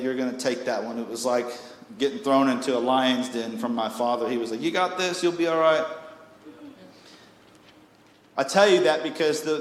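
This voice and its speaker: A young man preaching a sermon as pastor, telling stories in an animated, joking way and acting out voices, sometimes rising to near shouts. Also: medium pitch. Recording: echoey hall with long reverb.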